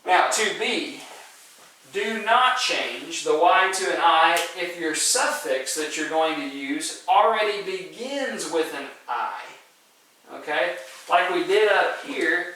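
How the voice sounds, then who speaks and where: Male teacher, patient and methodical, bright forward tone, captured from a distance in a heavily echoing room. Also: a little high, animated, takes it slowly, a little hiss or hum. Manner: patient, explains step by step with frequent "okay?" and "right?" checks. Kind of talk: spelling lesson to students. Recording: very echoey room, voice from far off the mic.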